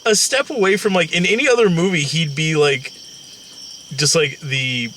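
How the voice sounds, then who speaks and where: A man's voice: on the high side, moderate pace, bright, forceful tone, recorded from a distance, a little hiss or hum. A man co-hosting a casual movie review, talking in a rambling, slangy, profane way. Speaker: co-host.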